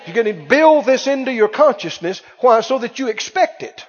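A man delivers a sermon with a high voice, hammering the same words over and over and prompting the congregation to answer back. The recording is muffled and carries long church reverb. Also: animated, normal speed, few pauses. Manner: emphatic, repetitive preaching, calls for audience response. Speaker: pastor. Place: church hall.

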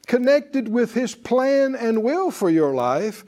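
An older man preaches a Bible class at an unhurried pace, his voice higher than most men's yet mellow and warm. He is folksy, chuckles at his own asides, and presses his points with rhetorical questions. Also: big pitch swings. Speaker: preacher and teacher. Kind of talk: sermon-style Bible class.

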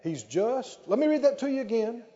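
A man preaching with a high, swooping voice that ranges widely as he drives each point home. His tone is mellow and warm rather than bright, and he draws out his words slowly. The sound is muffled and lo-fi, ringing with the long echo of a large hall. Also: big pitch swings. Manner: emphatic, drawn-out phrases with call-and-response. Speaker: pastor. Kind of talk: sermon.

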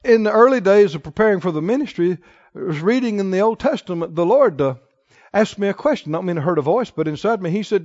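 A man delivers a sermon in a high voice, dropping to quiet asides and then rising to near-shouts. The recording is dull and muffled. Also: expressive, fast talker. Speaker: preacher.

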